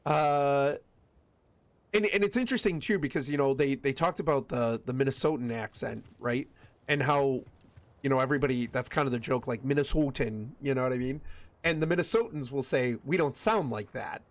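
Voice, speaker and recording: A medium-pitched man speaks at a moderate pace with no echo. With his Michigan accent, this West Michigan streamer makes casual, rambling conversation with viewers while he plays, often restarting his sentences.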